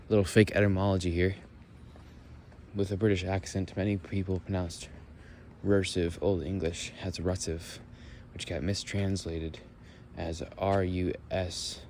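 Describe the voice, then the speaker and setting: A young man musing and thinking out loud as he walks outdoors through leaves. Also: deep voice, gravelly, slight background noise. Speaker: vlogger. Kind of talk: rambling walk-and-talk monologue.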